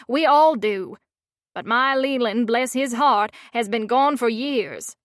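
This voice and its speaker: A woman's voice: fairly high pitch, takes it slowly, no echo, clean studio sound. Woman reading as a feisty old grandma. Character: elderly Southern grandmother, feisty and unrepentant.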